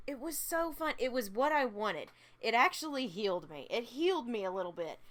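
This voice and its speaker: A woman's voice: on the high side, animated, moderate pace, fairly bright tone. Gushing, giggly woman vlogger. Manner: gushing, repeats herself, laughs often. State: tired. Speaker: vlogger reviewing a film. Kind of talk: casual unscripted review.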